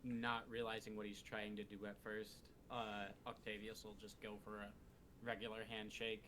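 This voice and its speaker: A man's voice: on the low side, completely flat delivery, normal speed, pushed and bright, a little hiss or hum. A man playing in a tabletop game, asking hesitant questions. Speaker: player. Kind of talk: casual tabletop game play.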